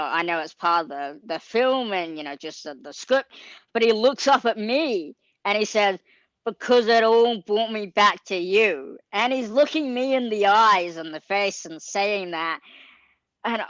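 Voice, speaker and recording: A woman's voice: medium pitch, a bit bright, dry recording. A young adult woman, an actor in an interview casually telling a story, earnest and full of "um", "like" and "you know". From Australia. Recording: slightly dull lo-fi sound.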